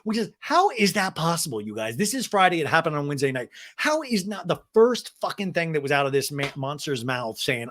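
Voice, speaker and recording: Guy in his 30s doing a snarky tv recap, fast animated talk, kinda high voice. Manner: animated, sarcastic, jumps in and out of voices. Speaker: podcast host. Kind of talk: comedic TV recap.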